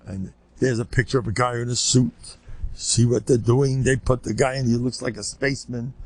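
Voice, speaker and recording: An older man, a rabbi, giving a rambling informal lecture full of anecdotes and Yiddish words, sometimes squeaking out children's voices. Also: steady tone, moderate pace. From United States.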